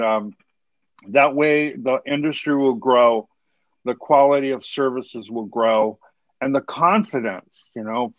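A man's voice: medium pitch, dry recording. Earnest, preachy man on dull call audio. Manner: earnest, preachy, rambling with restarts and laughs. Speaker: podcast co-host, hair color educator. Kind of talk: casual podcast chat.

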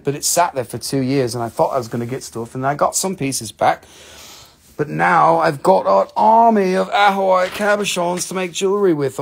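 A man hosting a live gem sale, talking casually and excitedly and swearing freely. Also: on the high side, creaky. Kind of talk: live sales stream.

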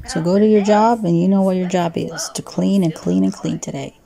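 A woman's voice: lowish voice, fairly even intonation, fairly quick, vocal fry, mellow. A woman hosting a let's play, chatting casually as she builds rooms and plays a life-sim game from a home desk setup. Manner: chatty, narrating while building.

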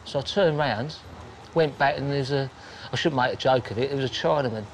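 A man's voice: medium pitch, a little hiss or hum. Blunt swearing man telling a story. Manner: blunt, swearing, acts out scenes with quick quoted voices. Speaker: interviewee recounting his crimes. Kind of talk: casual storytelling.

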